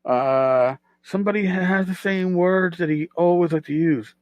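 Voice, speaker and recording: A man's voice: high-pitched, moderate pace, hardly any pauses, no echo, dull audio. A middle-aged man hosting a casual solo podcast, rambling and self-deprecating, repeating his words as he goes. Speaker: podcast host.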